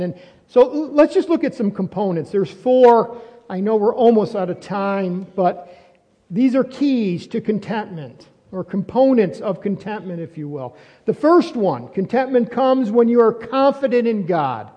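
A man's voice: high voice, lively intonation, measured pace, dark tone. A man preaching a sermon in a conversational way, asking rhetorical questions and often restarting his sentences. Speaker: pastor. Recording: muffled audio with long reverb.

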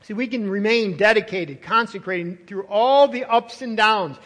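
A man with a high voice preaches a sermon, earnest and full of repetition. He often takes on the voice of a doubting listener. The sound rings with long reverb, as in a church hall. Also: moderate pace, fairly bright tone. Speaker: pastor.

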